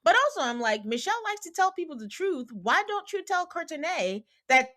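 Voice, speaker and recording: A woman's voice: very high-pitched, moderate pace. A woman hosting a podcast, recapping a reality show in casual chat and acting out the people she quotes. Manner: animated, quotes people in put-on voices; calls listeners "guys". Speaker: podcast host.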